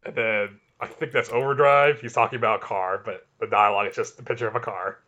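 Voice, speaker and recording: A man's voice: fairly low pitch, steady tone, fast, pushed and bright, lo-fi sound. A man co-hosting a comics podcast, chatting casually and enthusiastically, often restarting his sentences. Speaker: podcast co-host. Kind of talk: casual chat.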